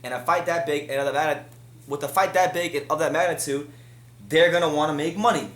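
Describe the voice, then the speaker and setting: A man hosting a boxing news commentary, talking heatedly and climbing higher in pitch when he gets frustrated. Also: steady tone, fairly quick, fairly bright tone, roomy sound. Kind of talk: solo commentary.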